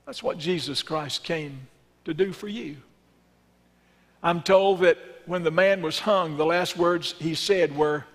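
A male pastor preaching a sermon and leading a closing prayer in a church, earnest in his storytelling and hushed in prayer. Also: on the high side, slow. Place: church sanctuary. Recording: long reverb in a church sanctuary.

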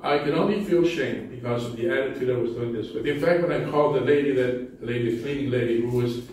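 A man's voice: medium pitch, fast, darkish tone, slight background noise. A male pastor preaching a sermon in a church sanctuary, telling stories with self-deprecating humor in a conversational way. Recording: very echoey hall, distant mic.

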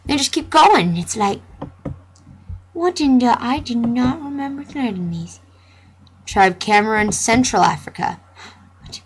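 A woman's voice: a little high, expressive, measured pace, pauses often, a little hiss or hum. A young woman playfully commentating a computer game, joking and reading the dialogue aloud. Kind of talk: gameplay commentary.

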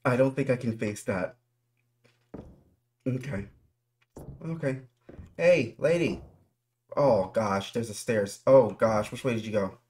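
A man's voice: on the low side, unhurried, pauses often, darkish tone. A man giving nervous running commentary while playing a horror game, talking straight to his viewers. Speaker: gaming YouTuber.

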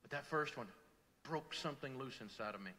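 Middle-aged male pastor, emotional storyteller, bright tone, long reverb of a large church. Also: mid-range voice, brisk. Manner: emotional storytelling, swings from loud to hushed. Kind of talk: sermon.

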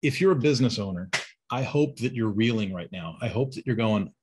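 A man's voice: lowish voice, a little fast, darkish tone, a little hiss or hum. A man teaching a webinar, coaching staff directly, asking rhetorical questions and acting out sample phone calls. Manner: acts out phone calls in quoted voices. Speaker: sales and service trainer. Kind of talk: webinar instruction.

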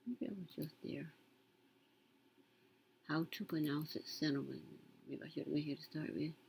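A woman's voice: low-pitched, fairly even intonation, normal speed, gravelly, darkish tone, a little hiss or hum, rough recording. A woman, casually commenting on a news story as she browses, muttering to herself and reading aloud with emphasis. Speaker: content creator reading news.

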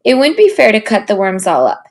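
A woman voicing a patient but firm mother in a storybook reading, speaking calmly. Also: mid-range voice, fairly quick. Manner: calm, firm.

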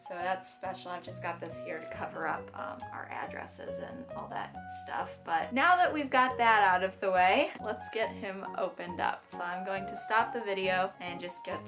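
A young woman vlogger chatting casually through an unboxing, gushing with excited squeals and gasps. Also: mid-range voice, moderate pace, few pauses, music in the background.

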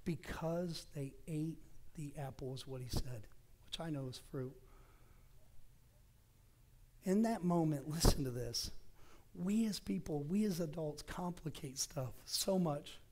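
A middle-aged man preaching a sermon as associate pastor, moving between loud bursts and soft whispered phrases, in a church sanctuary. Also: fairly high pitch, a little slow, pauses often.

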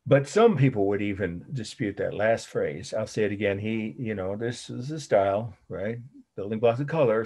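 A man teaching an art history lecture, dictating definitions slowly, repeating them, and pausing with frequent fillers. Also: fairly low pitch, a little mellow, husky. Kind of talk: recorded classroom lecture.

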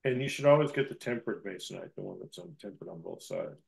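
A man's voice: deep voice, wildly swooping pitch, fast talker, vocal fry, a little mellow, low-quality recording. A man chatting casually on a video call, reminiscing and admiring artwork. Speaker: artist in a group session. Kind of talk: casual chat.

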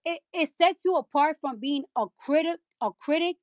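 High-pitched woman, angry profane rant, dry close sound. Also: moderate pace, dry recording. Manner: heated, profane, repeats lines for emphasis. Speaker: rapper hosting a live audio chat room. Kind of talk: angry live-stream rant.

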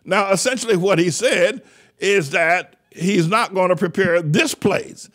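A man preaching a teaching sermon, emphatic, repeating phrases for stress, his pace slowing and then rushing. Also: high voice, fairly bright tone. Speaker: pastor.

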